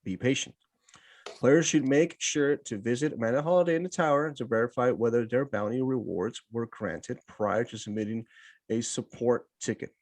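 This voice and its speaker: A man hosts a podcast and runs through game news in an animated, casual way. He paraphrases loosely and laughs often. His voice sits at an everyday middle pitch. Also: moderate pace. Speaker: podcast host.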